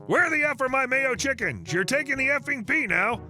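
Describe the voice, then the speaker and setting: A man voicing a rude shouting fast-food customer. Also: high voice, big pitch swings, faint music behind, full character voice. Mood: angry shouting. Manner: shouting and swearing.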